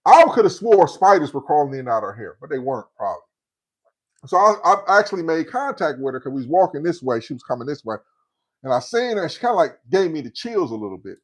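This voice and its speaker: Speaking at a quick pace with a slightly high voice, a man in his fifties hosts a livestream and shares a casual story. He's an animated storyteller, performing the quotes of each character.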